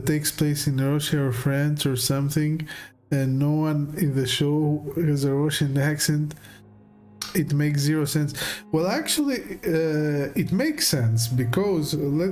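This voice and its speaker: A man casually commenting while streaming a game, halting with many fillers and restarts and chuckling often. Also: a little high, darkish tone.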